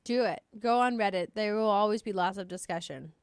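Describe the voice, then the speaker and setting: A woman co-hosting a podcast in casual chat, relaxed and wry. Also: mid-range voice, a little fast, smooth, no echo, studio quality. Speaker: podcast co-host.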